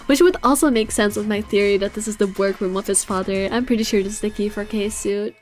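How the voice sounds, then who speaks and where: A woman streamer giving casual, excitable gameplay commentary, swearing and laughing often. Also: mid-range voice, fast, soft background music.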